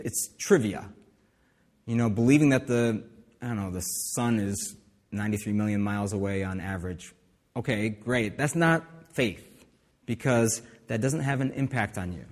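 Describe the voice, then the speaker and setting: A man's voice: medium pitch, moderate pace, darkish tone. Male pastor, casual preaching style with restarts, recorded in a reverberant hall. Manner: conversational preaching with asides and restarts. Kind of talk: sermon.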